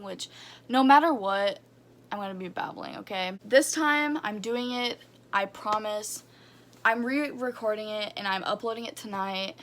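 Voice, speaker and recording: A woman's voice: mid-range voice, a bit bright. A young woman vlogging about her own experiences, candid and rambling, with many fillers. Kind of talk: personal story vlog.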